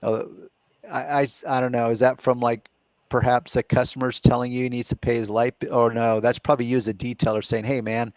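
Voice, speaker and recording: A middle-aged man hosts a relaxed live Q&A, walking through his reasoning step by step. His voice sits at an ordinary middle pitch and sounds close and dry, with no room echo around it. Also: fairly quick. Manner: explains step by step, reasoning aloud. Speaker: podcast host. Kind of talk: casual live Q&A chat.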